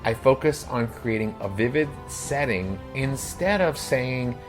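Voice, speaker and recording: A man's voice: mid-range voice, expressive, a little slow, music in the background. A man co-hosting a casual podcast who explains at length, with lots of "like" fillers. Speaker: podcast co-host and game master.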